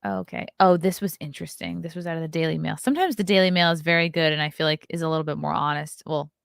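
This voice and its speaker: A woman's voice: deep voice, quick pace, gravelly, dry recording, studio quality. A woman hosting a casual live stream, reading news aloud and adding sarcastic asides to her chat. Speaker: show host.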